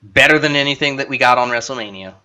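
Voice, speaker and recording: A man co-hosting a casual podcast, talking excitedly in quick bursts. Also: medium pitch, clear, resonant tone. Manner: excitable, talks in bursts with restarts. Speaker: podcast co-host. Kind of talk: casual wrestling chat.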